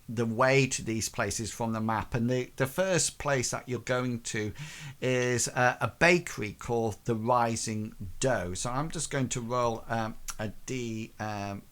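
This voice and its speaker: A man's voice: medium pitch, fairly bright tone. A man narrating a tabletop game as game master, hesitant and full of fillers.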